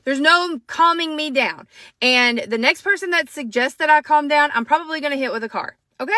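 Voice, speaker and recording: A woman's voice: high-pitched, fairly quick, sharp tone, no room sound. A woman ranting angrily to the camera, upset and shaking, profane and emphatic. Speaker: social media commentator. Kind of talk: angry rant to camera.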